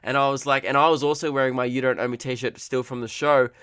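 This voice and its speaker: A man's voice: medium pitch, steady tone, fast talker, a bit bright, clean tone, dry recording, clean studio sound. A man hosting a comedy podcast, telling a story casually, rambling with restarts and fillers and swearing freely.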